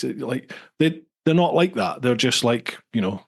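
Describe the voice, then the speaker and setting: A man's voice: mid-range voice, lively intonation, normal speed, gravelly. A man from England hosting a podcast, chatting in a rambling, casual way and swearing now and then. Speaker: podcast host. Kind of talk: casual chat.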